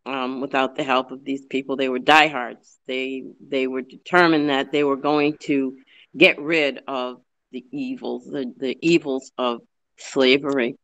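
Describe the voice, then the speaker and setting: A man giving an earnest, fast-paced history talk, full of fillers and restarts. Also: mid-range voice, little pitch movement, a bit bright, muffled recording. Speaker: guest speaker on local history. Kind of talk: informal history talk with questions.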